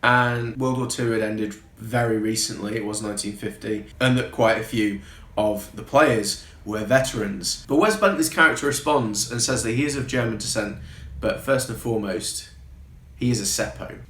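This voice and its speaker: A man's voice: fairly low pitch, moderate pace, a bit bright. A man giving a casual film review in a wry, sarcastic tone, swearing now and then. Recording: roomy echo.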